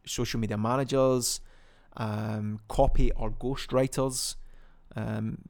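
Slow-paced and steady, this man's medium-pitched voice carries vocal fry and a darkish tone. He's a young Scot doing a solo podcast, chatty and meandering, full of ums and restarts.

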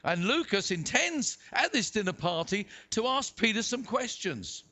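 Brief: pastor from the UK, high bright voice, slow and unhurried, reads scripture with drama. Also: male voice, big pitch swings. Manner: dramatic, acts out voices in the reading. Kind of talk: sermon with scripture reading. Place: church hall.

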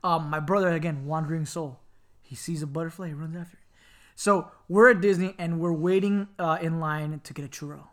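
Speaking a little fast, a man from Miami tells a family story in a casual chat. He's lively and laughing, dropping into squeaky voices whenever he impersonates someone.

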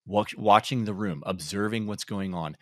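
A man co-hosting a podcast in casual chat, relaxed and reflective, with frequent ums and laughs. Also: on the low side, moderate pace, no room sound, clean studio sound. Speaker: podcast co-host.

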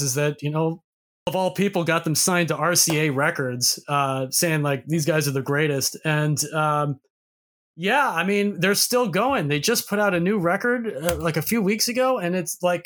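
A man's voice: on the high side, fairly bright tone. A man from Boston with no local accent, co-hosting a podcast in casual, rambling chat with some swearing. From Boston, USA. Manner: rambling, profane, full of restarts. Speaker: podcast co-host.

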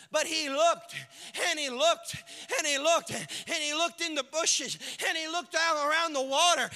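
Pastor guy preaching in a big echoey hall, high bright voice, slow and dramatic, acts out the story. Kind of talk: sermon.

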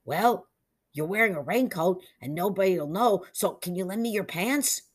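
A woman voicing a bold young boy who talks in an eager, urgent way, pitched above her own voice. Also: expressive, moderate pace, husky. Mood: coaxing.

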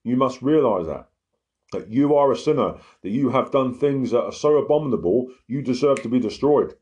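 A man's voice: mid-range voice, animated, moderate pace, a little mellow, lo-fi sound. A man preaching informally, earnest and emphatic, often checking in with listeners. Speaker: lay preacher giving testimony.

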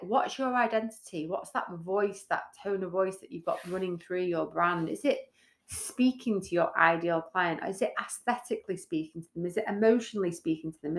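A woman co-hosting a business podcast in casual chat, blunt and animated, swearing freely. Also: mid-range voice. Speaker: podcast co-host, brand builder.

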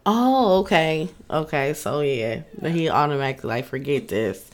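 A woman's voice: low voice, sing-song, moderate pace, a crowd in the background. A woman interviewing a guest, reacting briefly and asking follow-up questions. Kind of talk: casual interview.

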